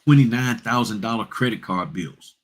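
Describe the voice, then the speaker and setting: A man's voice: fairly low pitch, moderate pace. A man hosting a notary business vlog, giving blunt, straight-talking advice and repeating points for emphasis.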